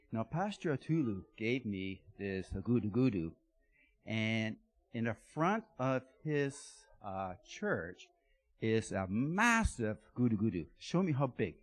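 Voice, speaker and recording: A man giving a playful children's talk at a church service, asking the kids lots of questions. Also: medium pitch. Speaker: guest speaker giving children's blessing. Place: church sanctuary.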